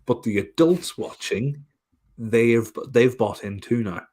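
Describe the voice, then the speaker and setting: A man co-hosting a film podcast in casual chat, animated, laughing often and swearing casually. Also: mid-range voice, takes it slowly. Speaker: podcast co-host.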